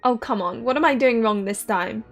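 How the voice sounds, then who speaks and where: A woman in her thirties reads a visual novel aloud and reacts with frequent giggles. Her voice sits a little high, and soft game music plays behind her. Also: normal speed. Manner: giggly, excitable. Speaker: game streamer.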